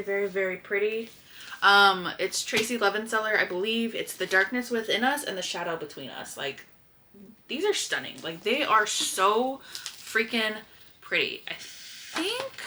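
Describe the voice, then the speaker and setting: Woman late 20s gushing about books to her camera, bright voice, faint hiss behind. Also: medium pitch. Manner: chatty, gushing, self-correcting. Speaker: book vlogger. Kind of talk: casual chat to camera.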